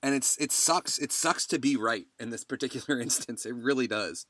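A man's voice: medium pitch, moderate pace, a bit bright, no echo. A man hosting a podcast in casual chat, telling stories animatedly and laughing along the way. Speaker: podcast host.

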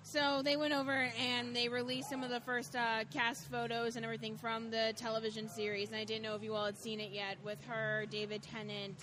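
A woman's voice: a little high, flat delivery, a little fast, hardly any pauses. A woman presenting the news segment in a casual podcast chat, talking in long run-on stretches with asides. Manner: chatty, runs on with asides. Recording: noticeable background noise.

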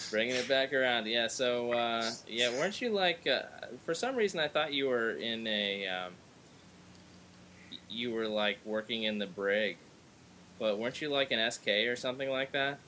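A man from Southern California hosting a podcast in casual chat, rambling and halting with many restarts. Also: mid-range voice, expressive, bright, forceful tone, a little hiss or hum. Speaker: podcast host.

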